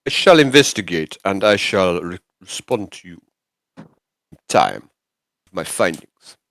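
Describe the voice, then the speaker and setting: A man voicing a formal, solemn male psychic aboard a starship, in a put-on Russian accent and stiff, measured phrasing. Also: deep voice, lively intonation, a bit bright, full character voice.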